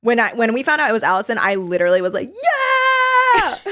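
A woman's voice: mid-range voice, very fast, fairly bright tone. A woman co-hosting a podcast, chatting enthusiastically about a book. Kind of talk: casual book discussion.

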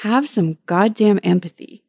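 A woman co-hosting a podcast with a gravelly, fry-heavy voice. She rants with sarcastic, profane jabs. The sound is dry and close. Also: medium pitch, a little slow, darkish tone, no echo. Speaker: podcast co-host. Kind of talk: casual podcast chat.

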